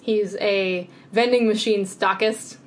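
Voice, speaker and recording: A woman co-hosting a podcast in casual chat, talking in quick, filler-heavy bursts. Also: medium pitch, steady tone. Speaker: podcast co-host.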